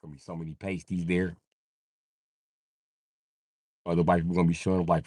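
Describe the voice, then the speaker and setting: A man's voice: deep voice, brisk, no room sound, clean studio sound. A young man riffing crudely on a live comedy stream, jumping into voices. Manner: crude, animated, jumps into voices.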